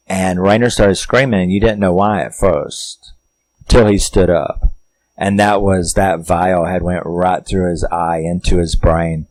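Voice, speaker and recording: A man's voice: low voice, darkish tone, no room sound, rough recording. A man, rambling profanely through a casual film plot recap with many fillers. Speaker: film reviewer.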